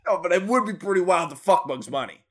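Man, high-pitched, lively swings, profane podcast banter, laughs loudly. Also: fast. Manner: profane, animated, loud laughter. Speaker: podcast co-host. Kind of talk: crude casual chat.

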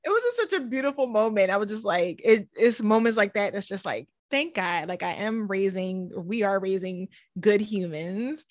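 A woman's voice: mid-range voice, animated, normal speed, few pauses, no room sound, clean studio sound. A woman, co-hosting a podcast in casual chat and telling stories animatedly with many fillers. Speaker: podcast co-host.

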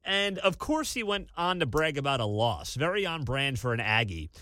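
A man hosting a college sports talk radio show, ranting with incredulous energy and bursts of shouting. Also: medium pitch, moderate pace, no echo, clean studio sound. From Kansas City area. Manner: animated, incredulous rants with sudden shouting.

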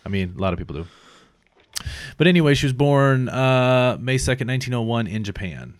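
A man's voice: mid-range voice, animated, brisk, clear, resonant tone, no echo. A man in his thirties co-hosting a podcast, reading facts aloud in casual chat, stumbling over foreign names and swearing freely. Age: 30s. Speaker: podcast co-host.

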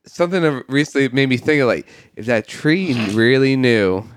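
A man's voice: medium pitch, lively intonation, moderate pace, dry recording, studio quality. A man co-hosting a comedy podcast, telling a rambling story with lots of swearing and acted-out voices. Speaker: podcast co-host. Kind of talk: casual comedy podcast chat.

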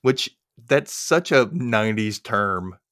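Male podcast host, animated recapper who acts out the lines, dry close mic. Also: on the low side, no echo. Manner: animated, acts out characters' lines in quick impressions. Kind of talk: casual chat recapping a TV episode.

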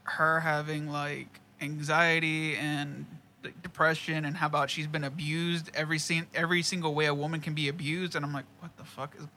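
A man's voice: fairly high pitch, little pitch movement, normal speed, sharp tone, a little hiss or hum. A man, casually telling a profane work story with lots of quoted dialogue and laughter. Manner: laid-back, profane, laughs often, quotes people in dialogue.

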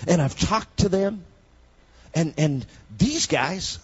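A man preaching a sermon, moving between quiet storytelling and loud shouted proclamation. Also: high voice, expressive, slow, slightly rough, dry recording, muffled recording.

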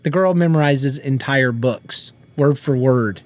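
A man co-hosts a casual podcast, telling stories, laughing often, acting out quotes and singing nonsense beats. His mid-range voice is unhurried and a little mellow.

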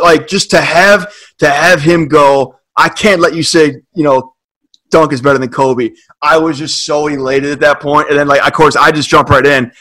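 A man in a relaxed podcast conversation, spinning a story with plenty of "like" and "you know." His voice sits a bit high for a man and rings bright and forceful. He builds momentum as he goes. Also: rough recording. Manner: animated storyteller, heavy filler words. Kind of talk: casual storytelling chat.

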